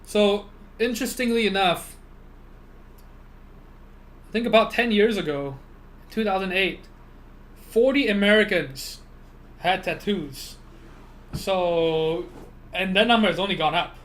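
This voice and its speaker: A man's voice: high voice, a little slow, long pauses, a bit bright. A young man streaming live, chatting with viewers in a rambling rant full of fillers and swearing. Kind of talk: casual chat with live viewers.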